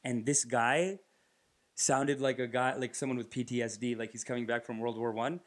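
A man's voice: medium pitch, steady tone, moderate pace. Rambling, swearing comedic podcast guy. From Canada. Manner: rambling, swearing, acting out bits. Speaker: podcast host. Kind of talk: casual comedic storytelling.

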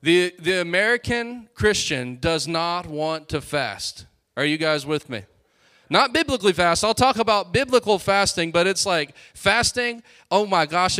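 A male pastor preaching an energetic sermon to his congregation, with quick asides to the crowd. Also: high voice. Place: church sanctuary.

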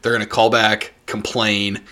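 A man's voice: lowish voice, little pitch movement, unhurried, pushed and bright. A young man chatting casually, laughing easily and ranting with exasperation. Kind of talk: casual chat.

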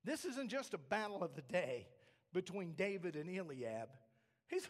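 A man's voice: high voice, sing-song, moderate pace. A man preaching a sermon, emphatic, asking the congregation rhetorical questions. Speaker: pastor.

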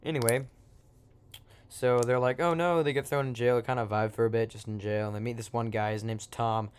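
A man's voice: medium pitch, level tone, a little fast, clear, resonant tone. A man improvising a silly story in an offhand, joking way, breaking off into asides.

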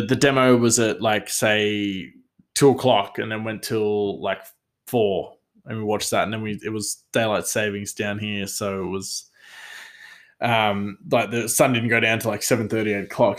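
Man, rambling storyteller, lots of fillers, self-mocking, slightly low voice. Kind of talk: casual storytelling monologue.

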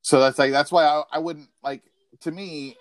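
A man in casual chat, telling stories in a profane, rambling, animated way. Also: fairly high pitch, normal speed, no echo.

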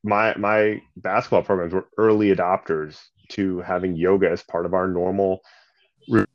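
Animated man telling stories. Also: low-pitched, moderate pace. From Canada. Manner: animated, lots of fillers, acts out quotes. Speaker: basketball coach and nonprofit leader. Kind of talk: conversational storytelling. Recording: slightly muffled sound.

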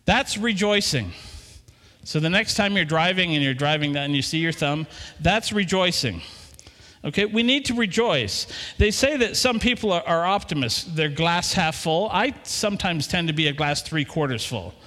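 Middle-aged man, pastor mid-sermon, lively swooping delivery in a reverberant church. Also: a little high, moderate pace, few pauses. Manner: animated, talks to the congregation with questions. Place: church hall. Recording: long hall reverb.

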